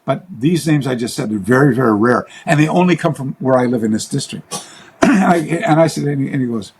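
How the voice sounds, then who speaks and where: Male interviewee, karate teacher, husky voice, lively pitch, rambling anecdotal delivery. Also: brisk. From Western. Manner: rambling, restarts, acts out quoted voices. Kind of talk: interview storytelling.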